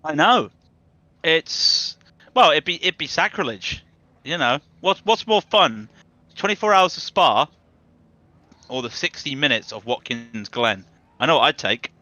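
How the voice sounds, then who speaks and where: A man's voice: a little high, big pitch swings, measured pace, long pauses, sharp tone, no echo, lo-fi sound. A man commentating a sim race broadcast in a chatty, jokey way, laughing easily.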